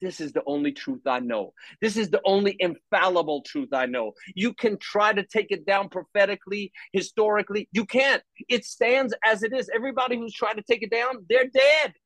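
A man with a high-pitched voice talks about faith with preacherly energy, jumping into acted-out voices and scripture quotes. The sound is dry and close. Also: normal speed, few pauses, no room sound, low-quality recording. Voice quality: animated, preacherly, acts out voices. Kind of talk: faith-based conversation.

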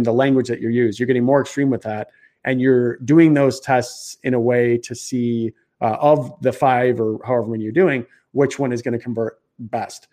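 Chatty Chicago man explaining marketing. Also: medium pitch. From Chicago area. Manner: energetic, rambling, many restarts and fillers. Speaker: podcast guest, marketer. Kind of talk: conversational interview explanation.

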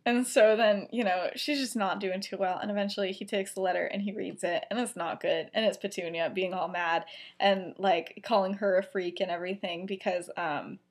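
A woman's voice: mid-range voice, fairly even intonation, moderate pace. A young woman co-hosting a podcast, casually retelling a fan story in a rambling way, full of "like" and "you know", acting out the characters' lines as she goes. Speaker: podcast co-host.

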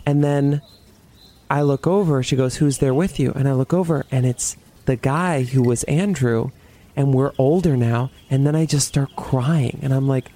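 A young podcast host tells a personal story in a casual, dramatic way, laughing and swearing as he goes. His mid-range voice is warm and moves at a moderate pace.

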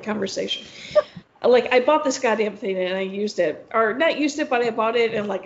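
Rambling, swearing woman telling a story. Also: mid-range voice. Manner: rambling, swearing, heavy use of "like". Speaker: podcast co-host. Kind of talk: casual storytelling chat. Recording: roomy, slightly dull sound.

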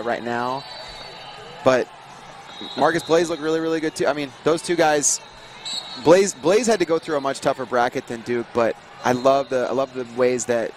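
A man's voice: medium pitch, slight background noise. A man co-hosting a podcast, chatting enthusiastically about young athletes. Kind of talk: casual podcast conversation.

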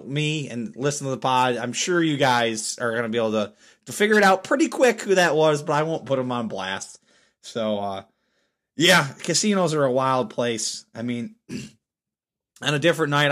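A man hosting a casual solo podcast, hoarse from screaming, telling stories with lots of laughter. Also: fairly high pitch. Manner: animated storyteller, laughs often. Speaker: podcast host.

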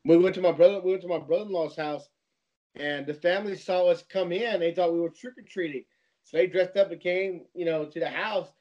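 A man in casual chat, telling stories animatedly and jumping into excited voices. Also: high voice, a little fast. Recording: dull lo-fi sound.

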